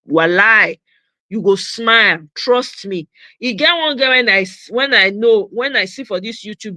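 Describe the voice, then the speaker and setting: A woman's voice: a little high, pushed and bright, no room sound. A Nigerian woman hosting a casual livestream chat, talking emphatically and mixing Pidgin with English. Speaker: host.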